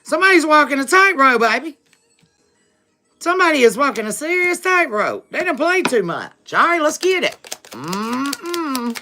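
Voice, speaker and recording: On a livestream setup, a woman reads tarot for her viewers in a high voice with big pitch swings and a sharp tone, at normal speed, with faint music behind. She keeps it familiar and chatty, calling people "baby" and "boo", tacking on "okay?" and laughing often.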